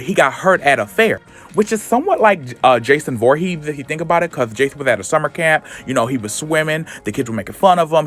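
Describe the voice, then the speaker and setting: Sassy, animated man recapping a comic. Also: on the high side. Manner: sassy, animated storytelling with slang. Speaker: comic book reviewer.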